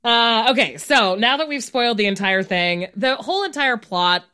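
A woman's voice: fairly high pitch, expressive, moderate pace, bright, forceful tone, clear, resonant tone. A woman co-hosting a casual movie recap chat, giggly and chatty, with lots of "like". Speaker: podcast co-host.

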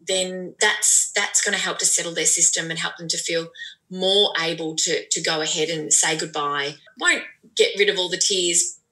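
Woman, parenting expert guest, bright tone, earnest, chatty explainer. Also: lowish voice, fairly even intonation, moderate pace, low-quality recording. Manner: earnest, explanatory, many "you know" fillers. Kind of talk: conversational advice.

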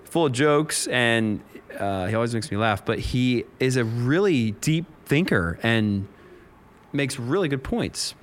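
A man's voice: mid-range voice, animated, unhurried, a little hiss or hum. A man co-hosting a faith podcast in casual chat, talking in an enthusiastic and reflective way. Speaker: podcast co-host.

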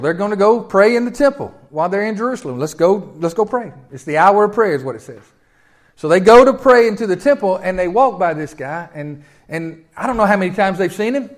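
A male pastor delivers a sermon with a notably high voice. He speaks in a conversational, storytelling manner, restarting phrases and swinging from quiet asides to loud, emphatic bursts. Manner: conversational, storytelling with sudden swells.

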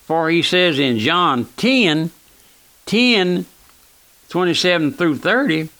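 Man, pastor preaching a sermon, folksy and earnest, bright forceful voice, fairly high pitch. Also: lively intonation, no echo. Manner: earnest, keeps calling out "my friend", slows down to read scripture; folksy, plain-spoken. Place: church auditorium.

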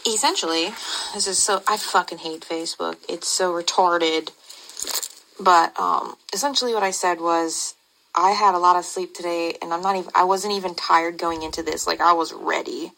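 A woman speaks in a blunt, casual way and swears freely. Her voice is low and gravelly with a bright, tense edge. Faint noise sits under the recording. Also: steady tone, moderate pace, rough recording.

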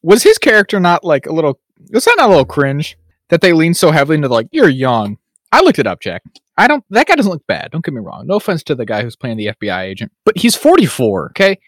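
Fast-talking animated podcast guy. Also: a little high, dry recording, clean studio sound. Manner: rambling, animated, laughs often. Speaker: podcast co-host. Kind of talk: casual chat.

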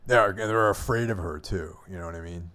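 A man's voice: sits low, brisk, pushed and bright. A man co-hosting a podcast in casual chat, who often restarts his phrases. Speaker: podcast co-host.

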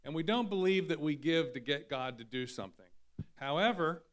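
A man's voice: a little high, lively intonation, fairly quick. A man leading a church service on a stage microphone, playful and teasing before moving to the offering. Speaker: pastor. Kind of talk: joking church talk. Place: church sanctuary.

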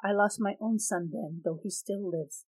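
A woman voicing a gentle, sorrowful, forgiving mother in an audiobook reading, speaking softly. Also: medium pitch, moderate pace, no room sound, natural voice, poor audio. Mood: tender.

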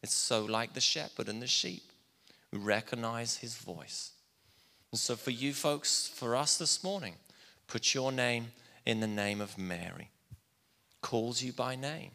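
Man, preaching, plainspoken storyteller, bright tone, long hall reverb. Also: medium pitch, a little slow, creaky. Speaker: pastor. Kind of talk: sermon.

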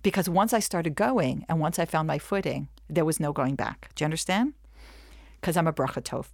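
A middle-aged woman talks to a webinar audience with a slightly low voice. She tells stories in a chatty, animated way and keeps checking in with her listeners. The recording is close and dry, with no room sound. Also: brisk, creaky, dry recording. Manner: chatty, animated, often says "okay?" and "like". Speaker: webinar speaker. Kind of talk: lively storytelling talk.

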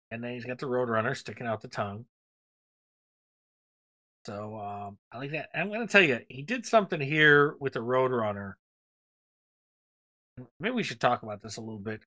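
A podcast co-host with a mid-range, sharp-toned voice rambles enthusiastically through a casual chat, using lots of fillers.

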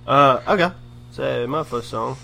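A man's voice: mid-range voice, unhurried, creaky, pushed and bright, slight background noise. A young man co-hosting a casual podcast, rowdy and crude, cracking jokes. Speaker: podcast co-host. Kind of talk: casual chat.

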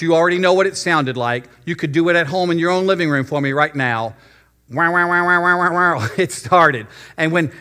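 A middle-aged man, preaching a sermon as pastor and telling a story from his youth, slowing down to stress his points. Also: a little high, pushed and bright. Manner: storytelling, slows down for emphasis. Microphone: addressing remote viewers.

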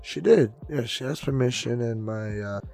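Podcast co-host, male, gravelly and profane, hypes up his stories with acted-out voices and faint music underneath. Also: mid-range voice, moderate pace. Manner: loud, profane, acts out voices with big swings. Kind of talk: casual podcast storytelling.

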